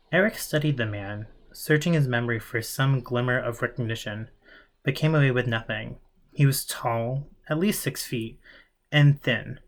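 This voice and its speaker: A man in a middle pitch reading a novel aloud, steady narration broken now and then by slips he fixes on the spot. It sounds like an amateur audiobook reading. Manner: occasional slips and self-corrections. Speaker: audiobook reader.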